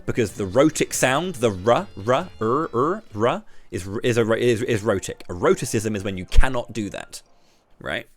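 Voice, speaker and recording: A British man with a slight lisp, streaming live and ranting to his chat while throwing quick questions at viewers. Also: fairly low pitch, animated. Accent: British English. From Britain. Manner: ranty, talks straight to chat with quick questions.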